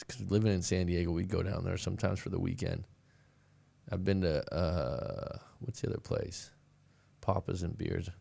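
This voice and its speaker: A man with a low, gravelly voice hosts a breakup coaching stream, talking casually to his viewers. He rambles, restarts his sentences and keeps calling people "boss man." The sound is close and dry, with no room around it. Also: dark tone, dry recording. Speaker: breakup coach and podcast host. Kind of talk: casual live-stream chat and storytelling.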